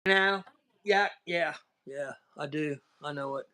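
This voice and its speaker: A man's voice: a little high, slow pace, pushed and bright, smooth. A man with a Southern American accent hosting a casual livestream chat, telling rambling, folksy stories over a video call. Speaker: livestream host.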